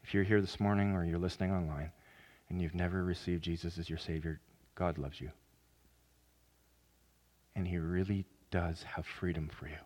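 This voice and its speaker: A man preaching a sermon as pastor, earnest, with sudden loud emphatic rises. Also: low-pitched, fairly even intonation, moderate pace.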